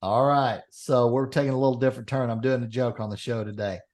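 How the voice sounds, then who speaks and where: A man's voice: mid-range voice, quick pace. A man, co-hosting a podcast, telling a long joke and acting out its characters. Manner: animated storyteller, acts out characters. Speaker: podcast co-host. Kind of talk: casual chat, telling a joke.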